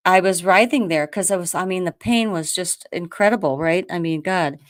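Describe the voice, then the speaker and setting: A woman's voice: fairly low pitch, normal speed, dry recording, studio quality. Chatty woman host telling a story. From United States. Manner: animated storyteller, acts out quotes, many restarts. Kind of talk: casual storytelling chat.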